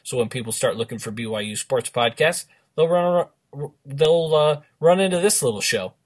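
A man with a Boston accent co-hosts a casual sports podcast. His voice is husky and sits at an ordinary middle pitch. He banters in an upbeat, jokey way. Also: expressive, normal speed. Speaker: podcast host.

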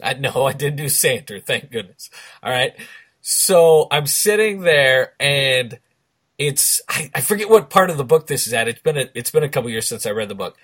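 A man's voice: medium pitch, expressive, normal speed, a bit bright, husky. A man in his forties, co-hosting a podcast in teasing, joking banter. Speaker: podcast co-host. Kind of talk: casual chat.

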